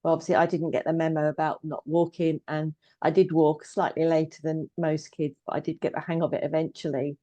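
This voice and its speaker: Low, flat-voiced woman in her fifties. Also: brisk, hardly any pauses, dry recording, dull audio. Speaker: guest, trauma coach and therapist. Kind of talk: personal story in casual conversation.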